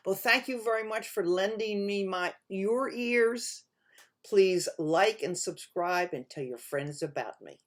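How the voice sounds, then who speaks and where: Woman storyteller, folk tale for children, expressive, lively, animal noises. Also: medium pitch, measured pace.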